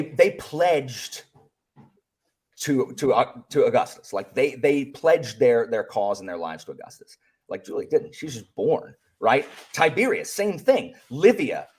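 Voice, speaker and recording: Animated, husky-voiced man chatting about books. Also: mid-range voice. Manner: animated, rambling with many fillers and restarts. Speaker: book channel host. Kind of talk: casual book club chat.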